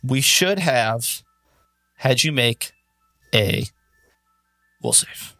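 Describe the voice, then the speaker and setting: Gravelly man running a tabletop game. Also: mid-range voice, animated, pushed and bright, no echo, studio quality, faint music behind. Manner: slow, deliberate dramatic narration. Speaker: game master. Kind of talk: casual chat and dramatic game narration.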